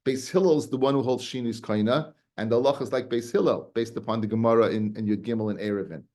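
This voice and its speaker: A man teaching a casual Talmud class, animated and often repeating words as he explains. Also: medium pitch, quick pace.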